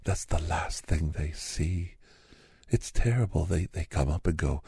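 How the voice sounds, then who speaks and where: A man doing a satirical character monologue in a sarcastic, mock-cheerful, rambling way with hushed asides. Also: deep voice, fairly even intonation, normal speed, gravelly, breathy edge, dry recording, clean studio sound.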